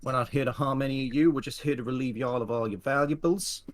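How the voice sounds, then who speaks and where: A man's voice: medium pitch, fast, voice pushed up, natural voice. A man putting on a drawling burly old outlaw. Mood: mock-polite. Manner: drawling, mock-polite and threatening. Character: burly older male outlaw, cocky train robber.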